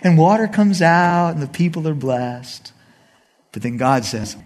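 A male pastor preaching a sermon to a congregation in an animated way, acting out the people and God as he goes. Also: a little high, measured pace, in a large hall.

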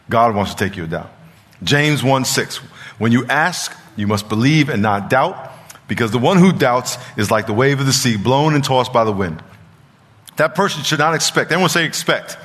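A middle-aged male pastor preaching a sermon, animated and laughing, swinging from loud calls to quiet talk. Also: mid-range voice. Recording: long hall reverb.

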